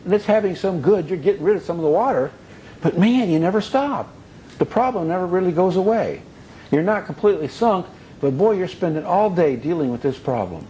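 A man's voice: high-pitched, animated, a little fast, dark tone, a little hiss or hum, poor audio. A man teaching a conversational sermon in a folksy way, full of asides. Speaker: Bible teacher.

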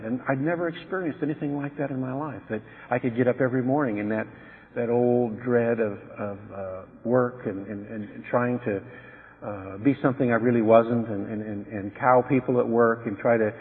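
A man's voice: medium pitch, long reverb tail. Earnest preaching man, dull radio sound. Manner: earnest, conversational, halting with restarts. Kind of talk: sermon with personal testimony.

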